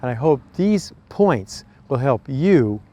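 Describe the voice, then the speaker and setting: A man's voice: medium pitch, very animated, slow pace, mellow, dull audio. An older man with an American East Coast accent, giving casual advice talk as host in a folksy, earnest storytelling way.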